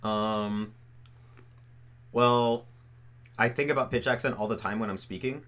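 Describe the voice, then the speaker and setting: A man's voice: mid-range voice, steady tone, measured pace, a bit bright. A young man chatting casually on a livestream, answering viewer questions in loose talk full of fillers and "like"s. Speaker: streamer answering chat questions.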